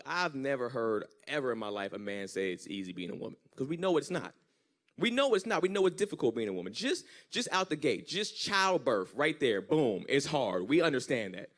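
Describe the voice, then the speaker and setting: A young man performing a stand-up comedy set on a church stage, telling stories with animated delivery and squeaky impressions of his girlfriend. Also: a little fast. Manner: animated storytelling with high-pitched impressions.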